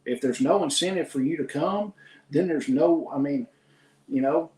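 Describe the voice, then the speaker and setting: A man's voice: a little high, normal speed, a little mellow. Opinionated man in a roomy echo. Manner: rambling, opinionated, restarts often. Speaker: podcast host. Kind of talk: casual opinion chat.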